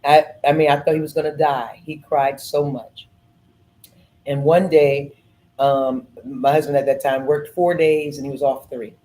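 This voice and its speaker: A middle-aged woman hosting a podcast, telling stories in an earnest, animated way and repeating phrases. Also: low voice, a little slow, rough recording. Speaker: podcast host. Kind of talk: casual storytelling chat.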